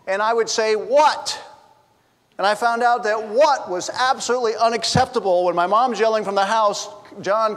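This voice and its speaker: A man's voice: high voice, long reverb tail. A middle-aged man preaching a sermon as a pastor, telling funny family stories and bantering with the congregation. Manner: storytelling with humor, chatty asides to the congregation. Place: church sanctuary.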